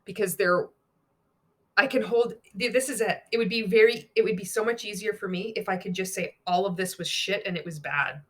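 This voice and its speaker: A woman's voice: medium pitch, brisk, fairly bright tone. A woman, a former network marketer, speaking candidly in a monologue vlog, blunt and sweary, mockingly reading out training material.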